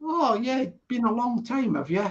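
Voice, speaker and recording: A man with a London accent hosting a casual live-stream chat, laughing often and chatting warmly with callers. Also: extremely high pitch, very animated, normal speed, highs cut off, slight background noise.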